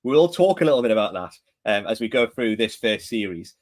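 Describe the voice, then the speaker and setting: In a lowish, sing-song voice and at a slightly quick pace, a man with a northeast England Geordie accent chats casually on a podcast he co-hosts. He works as a director of training, speaks from a home room in England, and asks plenty of questions while teasing in a friendly way.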